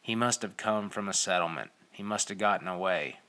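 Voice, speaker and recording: A man voicing a young, cautious go-between, quiet. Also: low voice, brisk.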